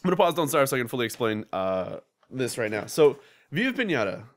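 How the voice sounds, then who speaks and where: A young man hosting a casual gaming podcast, telling animated stories with lots of swearing and laughter. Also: mid-range voice. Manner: fast, animated storytelling with frequent swearing and laughter. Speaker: podcast host.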